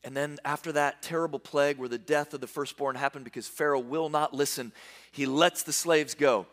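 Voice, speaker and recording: A man preaching a sermon, retelling scripture as lively storytelling and voicing the people in quick asides. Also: on the high side. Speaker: pastor.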